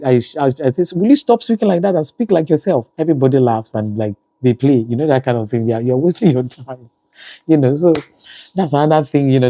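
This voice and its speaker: A man's voice: mid-range voice, mellow, no room sound. A man with a Nigerian accent, talking casually in a family vlog and often saying "you know". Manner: conversational, frequent "you know" fillers. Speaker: family vlogger.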